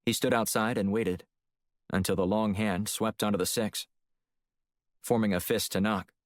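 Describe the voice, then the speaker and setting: Man, audiobook narrator, deep voice, dry close sound. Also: fairly even intonation, normal speed, dry recording. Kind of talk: scripted narration.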